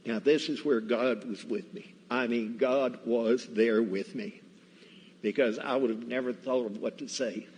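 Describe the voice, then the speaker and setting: Slow, folksy man preaching in a church. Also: medium pitch, fairly even intonation, a little mellow, breathy edge. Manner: slow, folksy, deliberate storytelling. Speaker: guest preacher. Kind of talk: storytelling sermon. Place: church sanctuary. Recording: reverberant church hall, faint ambience.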